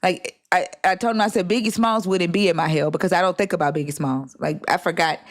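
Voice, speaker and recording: A livestream host telling a story in casual chat, profane and animated, acting out the dialogue they quote. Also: mid-range voice, fast.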